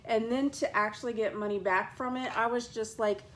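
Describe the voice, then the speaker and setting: A woman hosting a casual chat show, talking in an animated, dramatic way and acting out scenes in high squeals. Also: moderate pace, heavy background noise. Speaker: podcast host.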